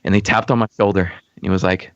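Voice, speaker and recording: A man's voice: low-pitched, steady tone, fast talker, a bit bright, no room sound, highs cut off. A man from Texas, a podcast guest, telling a long casual story with lots of "like" fillers and frequent chuckles. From Texas, USA. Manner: rambling, many "like" fillers, chuckles often.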